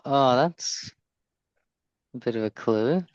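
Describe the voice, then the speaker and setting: A man co-hosting a podcast in casual chat, throwing out quick guesses and laughing often. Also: mid-range voice, expressive, no room sound. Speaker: podcast co-host. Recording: dull, dry lo-fi sound.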